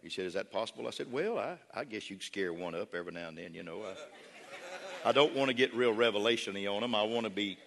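Gravelly pastor, shouting praise in a big church. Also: male voice, fairly low pitch, quick pace. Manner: folksy storyteller, swings from shouted praise to soft confiding. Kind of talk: sermon with storytelling. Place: large church hall with congregation. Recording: long hall reverb with faint crowd.

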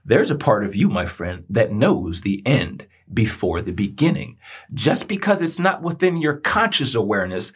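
Guy doing a podcast monologue, earnest and preachy, kinda husky voice. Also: mid-range voice, very animated, normal speed. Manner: earnest, preacherly, repeats phrases for emphasis. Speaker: podcast host. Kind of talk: personal storytelling monologue.

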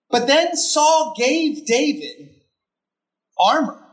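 Animated preacher telling a story. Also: medium pitch, normal speed. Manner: animated storytelling with rhetorical questions; emphatic, repeats phrases for effect. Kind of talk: conversational sermon.

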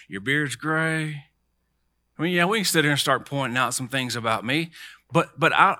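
A man's voice: medium pitch, pushed and bright, no echo, clean studio sound. A middle-aged man preaching a sermon in a conversational way, leading the congregation in call-and-response.

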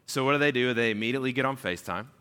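A pastor in his thirties preaches in an easygoing, animated way, full of asides. His voice is bright and forward, with a long reverb trailing through the hall. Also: medium pitch, rapid-fire, clear, resonant tone. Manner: casual, animated storyteller. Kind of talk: sermon.

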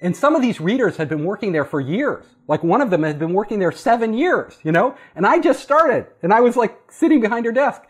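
Animated, laughing man telling a story. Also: high-pitched, brisk, few pauses, husky. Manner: animated, laughing, acting out quoted voices. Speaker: storyteller guest. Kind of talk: casual anecdote.

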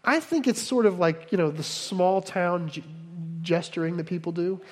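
A man's voice: high-pitched, normal speed, long reverb tail. A man preaching a sermon as pastor, teaching in a conversational way with frequent asides to the congregation. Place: church hall in Delaware.

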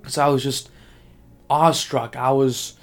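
A young man talking casually to camera as a vlogger, rambling and excitable, full of fillers and swearing. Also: medium pitch, unhurried, creaky, faint music behind.

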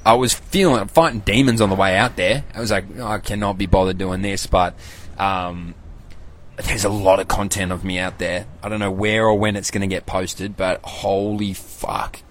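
A man's voice: lowish voice, steady tone, normal speed, a little hiss or hum. A young Australian man hosting a casual solo podcast recap, loose and rambling, full of slang and swearing. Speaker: podcast host.

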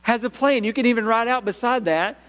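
A man preaching a sermon as pastor, emphatic, calling out for amens and dropping into hushed asides. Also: fairly quick. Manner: emphatic, calls out for "Amen?", swings between punchy lines and hushed low asides. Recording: echoey hall reverb.

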